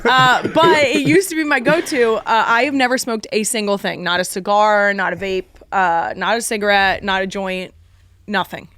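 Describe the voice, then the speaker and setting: A woman's voice: medium pitch, a bit bright, no echo. A woman in her thirties with a Philadelphia accent, a podcast guest chatting casually and teasing her host. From Philadelphia area. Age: 30s. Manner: playful, quick laughs, teasing. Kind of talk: casual chat.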